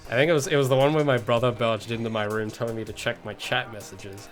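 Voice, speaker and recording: A man's voice: mid-range voice, fairly even intonation, fast talker, faint music behind. Rambling Australian man on a livestream. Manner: rambling, hedging, chuckles often. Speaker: indie game developer streaming. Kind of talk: casual livestream chat.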